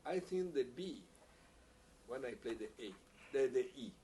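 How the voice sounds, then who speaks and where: Halting man teaching piccolo, distant mic. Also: medium pitch, lively intonation, mellow. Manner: halting, repeats words, non-native phrasing, laughs often. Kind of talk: masterclass teaching, answering questions. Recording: distant mic with faint background hiss.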